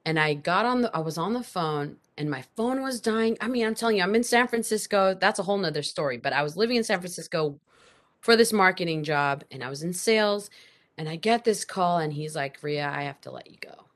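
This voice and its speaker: A woman guest on a podcast, telling a personal story in an animated, emphatic way. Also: on the low side, fairly quick. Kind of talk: casual storytelling interview.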